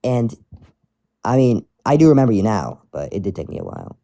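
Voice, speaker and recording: A man's voice: fairly low pitch, very animated, a little fast, vocal fry, warm tone, no room sound. A man chatting casually while reading fan mail aloud, rambling and restarting his sentences. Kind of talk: casual chat.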